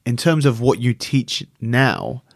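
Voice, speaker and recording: A man's voice: mid-range voice, lively intonation, slow, creaky, no room sound, clean studio sound. A man hosting a podcast who interviews his guest and adds short remarks of encouragement. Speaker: podcast host.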